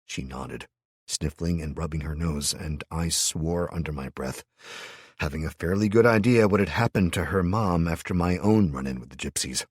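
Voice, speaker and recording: A man with a deep, husky voice narrates a first-person audiobook. His delivery is gruff and muttering, but his pitch moves a lot from line to line. The recording is dry and close. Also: moderate pace, no echo.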